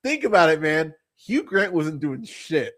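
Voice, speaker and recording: Slightly high and sing-song, this young man's voice is unhurried and a bit bright. Hosting a podcast, he rambles profanely about bad movies, laughing often, leaning on fillers, and dipping into mocking voices.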